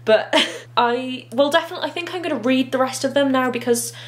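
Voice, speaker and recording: A woman's voice: sits high, fairly quick. A woman chatting casually in a vlog about the book she is reading, giggly and self-mocking, filmed at home on a handheld phone. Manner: giggly and chatty, laughs at herself. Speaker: book vlogger. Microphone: handheld phone camera.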